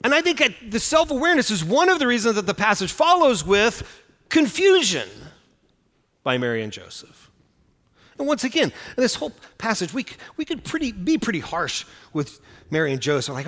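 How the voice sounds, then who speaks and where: A man with a high, animated voice delivers a sermon in an easygoing, conversational way, often tagging his points with "right?". His voice rings with a long reverb, as if from a large hall. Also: fairly quick. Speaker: pastor. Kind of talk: expository sermon.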